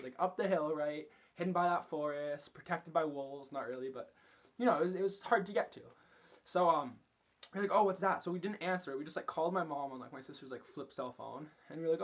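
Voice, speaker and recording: A man's voice: a little high, a bit bright. A young man vlogging, telling a story casually and chattily, swearing a lot and filling every sentence with fillers. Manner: chatty, profane, filler-heavy.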